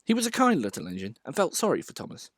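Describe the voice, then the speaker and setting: A man reading a children's storybook aloud as the narrator, in an expressive way. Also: a little high, fast talker, dry recording, clean studio sound.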